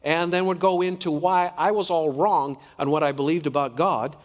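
A man's voice: fairly high pitch, steady tone, moderate pace, long reverb tail. A man preaching a sermon in an earnest, conversational way, often asking the congregation questions.

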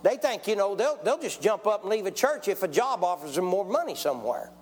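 A man's voice: sits high, very animated, fairly quick, a little mellow, a little hiss or hum. A man, preaching a testimony sermon in a folksy storytelling way and calling for amens. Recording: long church hall reverb.

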